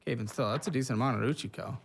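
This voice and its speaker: A man's voice: medium pitch, racing, creaky, a little hiss or hum. A man co-hosting a casual podcast, teasing his friend while reading out his purchases in a sing-song list. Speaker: podcast co-host.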